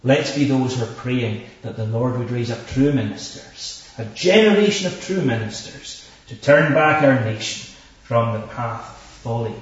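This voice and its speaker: A man preaching a sermon with slow, emphatic delivery, stressing repeated words and reading scripture in old formal English. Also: mid-range voice. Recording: echoey, distant, dull hall recording.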